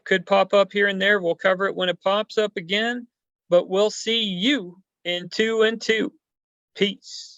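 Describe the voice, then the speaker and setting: A man's voice: high voice, fairly even intonation, measured pace, fairly bright tone, no echo, dull audio. A man hosting a stock news chat, talking casually and rambling with many fillers and hesitations. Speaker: stock show host.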